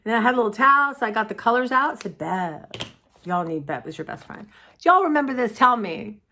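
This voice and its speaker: A woman's voice: on the high side, lively intonation, a little fast, sharp tone, a little hiss or hum. A woman, rambling chattily to her viewers in a casual art vlog. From United States. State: sore throat. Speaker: vlogger.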